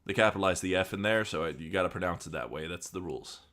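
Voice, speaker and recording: A man co-hosting a comedy show, giving a deadpan dramatic reading with lively swings. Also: sits low, quick pace. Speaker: comedy podcast co-host reading fan fiction aloud.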